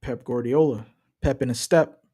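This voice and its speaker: A man's voice: mid-range voice, moderate pace, dark tone, husky. A young man chatting loosely and joking as he streams his reactions to a football match. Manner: loose, joking, trash-talking. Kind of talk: casual live-stream commentary.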